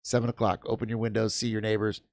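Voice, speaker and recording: Gravelly, ranting man in his fifties. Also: on the low side, little pitch movement, fast, dry recording. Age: 50s. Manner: swearing, ranting, stumbling restarts. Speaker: livestream host. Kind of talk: heated casual stream chat. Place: home in New York.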